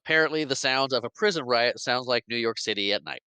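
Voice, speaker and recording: A man's voice: medium pitch, quick pace, bright, forceful tone, clear, resonant tone, no room sound. A man co-hosting a podcast, casually recapping a film and acting out the quoted lines as he goes. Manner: retells scenes, lightly acting out quoted lines. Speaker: podcast co-host.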